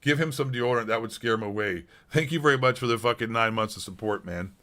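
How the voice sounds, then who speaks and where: A middle-aged man from Canada streams a blunt, heated rant, cursing all the time and saying the same things over. His medium-pitched voice moves at a quick pace with a fairly bright tone.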